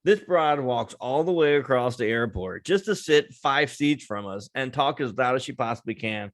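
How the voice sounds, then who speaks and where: A man's voice: mid-range voice, animated, normal speed. A man in his thirties co-hosting a casual podcast, laid-back, laughing often and swearing freely. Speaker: podcast co-host. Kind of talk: casual banter.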